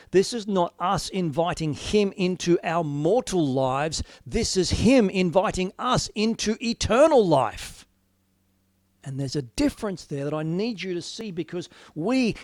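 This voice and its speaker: An earnest man preaching slowly and deliberately in a gravelly voice that sits a little high for a man. He drifts between quiet, musing reflection and sudden emphatic declarations. The sound is dry and close, with no room around it. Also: no room sound. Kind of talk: informal sermon, devotional talk.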